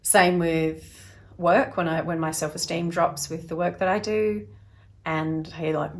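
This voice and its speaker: Here the self-help host has a deep voice, fairly even intonation and a normal speed. She talks to camera in a chatty, casual way, performing little quoted voices as she explains, and at times goes soft and quiet.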